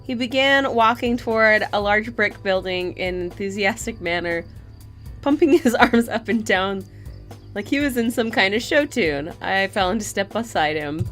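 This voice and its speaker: Giggly woman reading a game aloud. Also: mid-range voice. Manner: animated, giggly, breaks off to comment. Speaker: let's play host reading a visual novel aloud.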